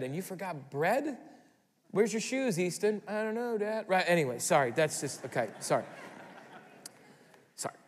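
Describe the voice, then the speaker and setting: High-voiced pastor preaching in a reverberant hall. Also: male voice. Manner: animated, swings from quiet to exclaiming. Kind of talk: sermon.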